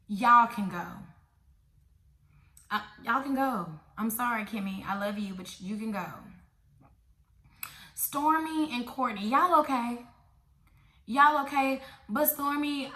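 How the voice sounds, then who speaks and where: A woman delivers a casual, opinionated recap and talks straight to her viewers. Her voice sits a little high and bright, and she repeats her points bluntly. The room around her is noticeably echoey. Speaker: reality TV recap vlogger. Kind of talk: casual opinionated show review.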